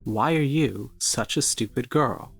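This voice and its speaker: A cold, menacing holy woman voiced by a man reading a game aloud. She scolds in a flat, repetitive way, her voice in the middle register. The read is plain and unhurried. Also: medium pitch, creaky, slightly rough, soft background music. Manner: repeats the same scolding question flatly.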